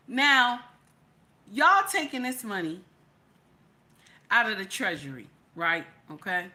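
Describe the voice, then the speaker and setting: A woman giving casual, profane livestream commentary, asking pointed rhetorical questions and greeting chat viewers by name. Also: medium pitch. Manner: animated, profane, rhetorical, repeats questions for emphasis; addresses chat viewers directly.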